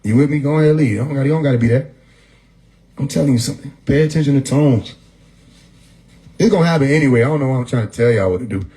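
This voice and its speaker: A man's voice: mid-range voice, rapid-fire, pauses often, warm tone, poor audio. A man talking casually on a livestream, laid-back and profane, often laughing as he talks. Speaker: livestream host. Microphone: phone mic.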